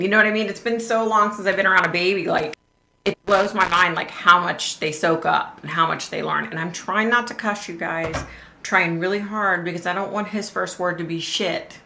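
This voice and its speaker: Gravelly, bright-voiced chatty woman. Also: on the low side, steady tone, moderate pace, reverberant, slight background noise. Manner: chatty, swears freely, drawls "y'all". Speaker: host of a livestream. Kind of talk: casual livestream chat.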